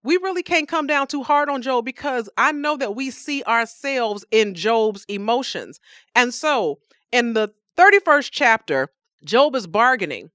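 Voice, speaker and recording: A woman's voice: on the high side, expressive, unhurried, fairly bright tone, no room sound, clean studio sound. A woman teaching the Bible on a podcast, emphatic and speaking to her listeners as believers.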